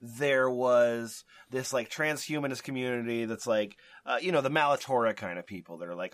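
A man's voice: mid-range voice, normal speed, hardly any pauses, no room sound. A man co-hosting a podcast in casual group chat, rambling with many fillers and restarts and laughing often. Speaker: podcast co-host.

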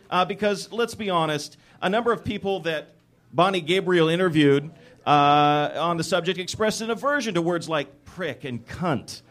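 Man deadpan reading lists aloud. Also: high voice. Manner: deadpan reading of long word lists with frequent fillers. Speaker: live podcast show presenter. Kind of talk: comic reading from a book to a live audience. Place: stage at a live show.

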